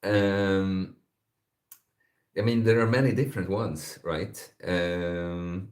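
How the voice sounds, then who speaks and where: Low-voiced man rambling on a livestream. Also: steady tone, slow pace, darkish tone. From Sweden. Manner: rambling, hesitant with many fillers, chuckles. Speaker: streamer, fitness content creator. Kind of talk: casual livestream chat.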